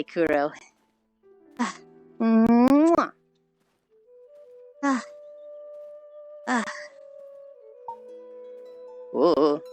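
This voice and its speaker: A woman chats casually on a live stream while walking on a treadmill, greeting viewers with frequent sighs and offhand swearing. Her failing headset mic makes her sound squeaky and chipmunk-like, and the audio quality is poor.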